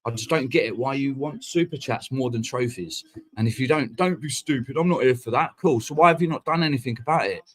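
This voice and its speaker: A man, talking straight into a streaming mic. He rants in a heated, sweary, rapid-fire way, piling one point onto the next and swearing freely, at a middling pitch for a man. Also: a bit bright. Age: 40s. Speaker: fan channel host. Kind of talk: casual live-stream rant.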